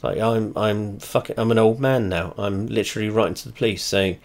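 Here a video creator with a voice on the low side speaks briskly, with fairly even intonation and hardly any pauses. He chats casually through a flight simulator session, blunt and full of swearing, rambling and repeatedly trailing off before restarting.

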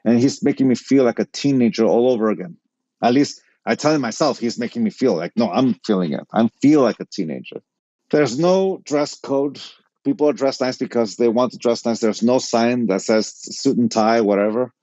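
A middle-aged man tells a personal story with a mellow, dark-toned voice and acts out each line of dialogue. The sound is close and dry, a little dull and lo-fi. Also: medium pitch, moderate pace, dry recording. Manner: animated anecdote-telling, quotes people in dialogue. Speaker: podcast guest.

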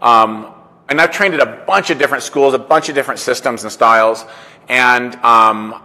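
A man speaks in a casual storytelling monologue, repeating "I said" often as he acts out conversations. His voice is bright and forceful, with a long reverb trailing behind it. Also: mid-range voice. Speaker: entrepreneur and coach.

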